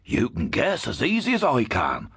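A husky, grave old man. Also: mid-range voice, huge pitch swings, a bit bright, no room sound, studio quality, full character voice. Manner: rustic old-fashioned dialect, measured and grave. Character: wise old male gyptian elder, protective.

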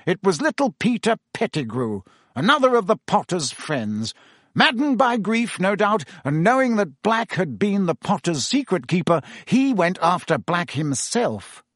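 A man's voice: high-pitched, sing-song, unhurried, fairly bright tone, no room sound, clean studio sound, pitched above the performer's own voice, exaggerated voice. A man voicing a pompous, bustling middle-aged male minister who talks in a fussy, self-important way. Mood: bitter.

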